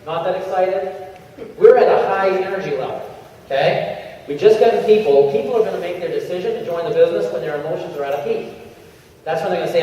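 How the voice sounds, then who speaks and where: A man's voice: sits high, fast. Man coaching a crowd in an echoey hall. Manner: animated, acts out little scenes in changing voices. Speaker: motivational speaker at a sales convention. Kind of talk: energetic coaching talk to a crowd. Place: large convention hall. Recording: echoey convention hall, far from the mic, dull sound.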